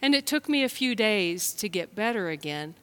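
A woman from the United States, a pastor telling a children's story and preaching a sermon in a gentle storytelling manner. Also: mid-range voice, expressive, moderate pace, clear, resonant tone. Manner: gentle, storytelling, speaks straight to listeners.

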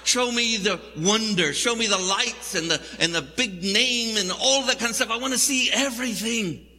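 Pastor, male, high and very bright, husky, wry storyteller, long church reverb. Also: moderate pace. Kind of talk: sermon.

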